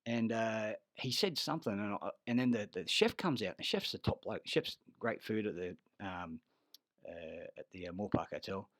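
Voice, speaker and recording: At a moderate pace and in a lowish voice, an Australian army veteran spins rambling, profane stories, losing his thread often. Retelling a fight, he becomes loud and heated. There's no room sound.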